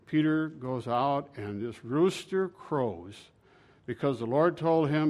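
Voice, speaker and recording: Slow and expressive, a mid-range male voice preaches a sermon, recounting scripture in a folksy, conversational way. His volume shifts sharply between loud and quiet.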